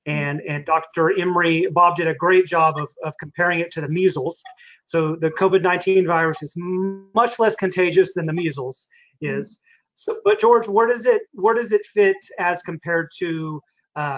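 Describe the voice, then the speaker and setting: A man moderates an online webinar, briskly passing questions between the panel. His voice sits fairly high and comes through dull, lo-fi call audio. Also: a bit bright.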